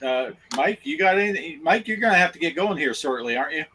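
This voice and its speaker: A man's voice: a little high, animated, fast, noisy background. A man co-hosting a gaming chat, reading viewer comments aloud in an amused way. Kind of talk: casual chat.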